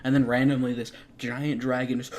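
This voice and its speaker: A young man co-hosting a casual gaming chat, enthusiastic and quick to laugh. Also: medium pitch, little pitch movement, a little mellow, slight background noise. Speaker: co-host. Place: garage.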